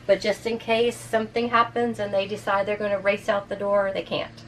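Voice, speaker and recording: Recorded from a distance on poor audio with faint ambient noise beneath, a woman vlogs a casual walkthrough of her motorhome. She's a talkative RV vlogger, medium-pitched and flat in delivery, moving at a moderate pace and slightly out of breath as she describes the features she shows.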